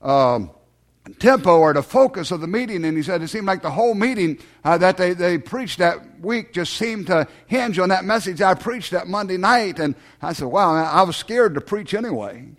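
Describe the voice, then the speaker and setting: A man, preaching a sermon with a hoarse, strained voice, halting with many fillers and folksy asides. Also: high voice, lively intonation. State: hoarse, low on voice. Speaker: pastor.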